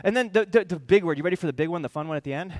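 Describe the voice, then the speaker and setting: A man preaching a sermon in an animated, conversational way, with quick asides to the congregation. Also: a little high, no echo. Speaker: pastor.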